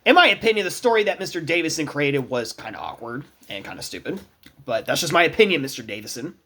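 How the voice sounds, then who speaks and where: A young man chats on his podcast, his voice slightly high and swinging widely in pitch. He tells school stories with a steady stream of swearing. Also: fast.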